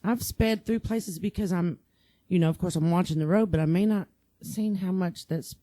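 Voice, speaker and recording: Mellow-voiced woman police chief guest. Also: fairly low pitch, normal speed, no echo. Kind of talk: casual conversation. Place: studio.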